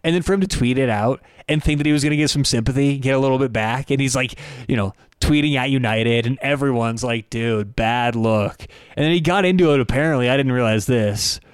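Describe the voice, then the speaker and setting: A man's voice: medium pitch, fast talker, hardly any pauses, smooth, no room sound, clean studio sound. A young man hosting a sports betting podcast, giving blunt, rambling, opinionated solo commentary.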